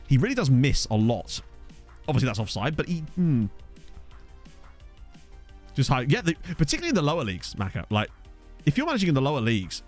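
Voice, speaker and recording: Male streamer, quick, chatty, lively upbeat pitch, faint music behind, desk mic. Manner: fast-talking, chatty, laughs often, excitable. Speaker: streamer playing a football management game. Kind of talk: casual live-stream commentary with chat. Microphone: desk microphone.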